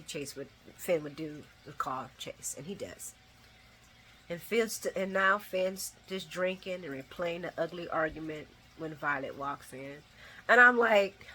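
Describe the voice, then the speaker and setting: A woman hosting a casual recap, talking emotionally and rambling, sometimes shouting her reactions. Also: medium pitch. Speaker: soap opera recap host.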